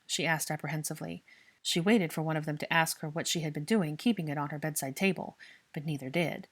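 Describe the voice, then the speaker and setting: A woman reading a fan fiction story aloud in a steady, expressive narration. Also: low-pitched, a little fast.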